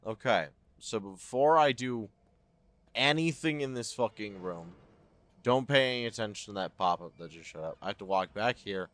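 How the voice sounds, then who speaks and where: A man's voice: lowish voice, lively intonation, moderate pace, a bit bright, no room sound. A man giving casual, joking and profane commentary as he plays a horror game, talking to his viewers. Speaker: let's play host.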